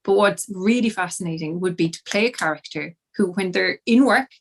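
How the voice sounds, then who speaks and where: A woman from Ireland with an Irish accent, an acting coach talking casually and laughing often over a video call. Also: lowish voice. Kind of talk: casual conversation.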